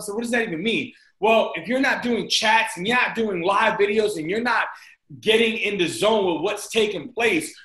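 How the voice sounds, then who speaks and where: A man giving an energetic, repetitive motivational team training talk on a group video call, often calling his listeners "guys". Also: sits high, reverberant, poor audio.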